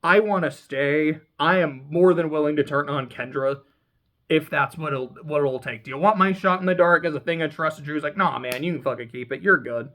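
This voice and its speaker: A man's voice: a little high, fairly even intonation, fairly bright tone. A man hosting a casual recap, rambling and swearing, laughing often as he paraphrases what others said. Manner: rambling, profane, laughs often, quotes people in quick paraphrase. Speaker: podcast host recapping a reality show.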